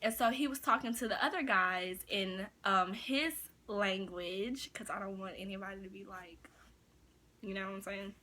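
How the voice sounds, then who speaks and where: A woman's voice: medium pitch, steady tone, moderate pace, bright, forceful tone. A young woman vlogger telling a story in a casual, chatty way, full of fillers like "like" and "you know.".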